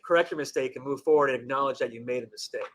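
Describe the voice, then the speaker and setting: A man's voice: medium pitch, very fast, a bit bright. A man, a restaurant general manager, chatting casually in an interview and acting out customers' lines as he tells stories. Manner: rambling storyteller, acts out customers' lines.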